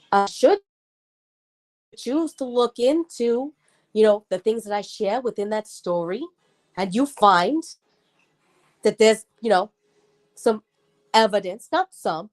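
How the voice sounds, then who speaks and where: A woman in her thirties hosting a casual livestream, chatting with viewers and getting heated as she rants. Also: medium pitch. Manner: chatty, gets heated and ranty. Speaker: livestream host. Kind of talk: casual live chat with viewers.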